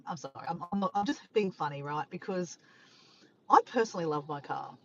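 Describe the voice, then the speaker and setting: A woman's voice: lowish voice, very animated, fairly quick, a little mellow, dull audio, slight background noise. A woman chatting casually on a live stream from her car by the beach, reading viewer comments, laughing and teasing playfully.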